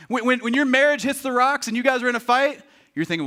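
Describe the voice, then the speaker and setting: A man's voice: extremely high pitch, quick pace. A man preaching a sermon as pastor, joking and acting out quotes with lots of energy. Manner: animated, joking, acts out quotes. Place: church.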